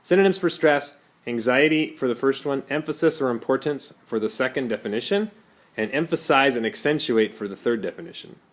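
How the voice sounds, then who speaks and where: A man teaching an English vocabulary lesson to his class, explaining slowly with many pauses and fillers and giving Spanish translations. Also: mid-range voice, animated.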